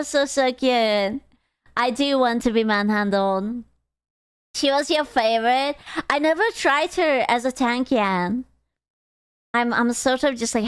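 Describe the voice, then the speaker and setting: A woman's voice: a little high, smooth, dry recording, studio quality. A woman streaming live who chats casually with her viewers, swearing freely, answering chat questions and mocking herself in a playful way, heard through a desktop mic. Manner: complaining and playfully self-mocking.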